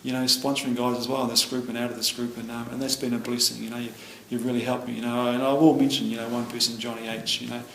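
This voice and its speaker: A middle-aged man speaks at a recovery meeting in a rambling, heartfelt way, circling back with "you know." His voice sits at an ordinary middle pitch. It bounces around an echoey meeting room, with a faint hum of ambience behind it. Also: level tone, fast talker, vocal fry, hardly any pauses, a bit bright. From New Zealand. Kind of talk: personal share at a recovery meeting.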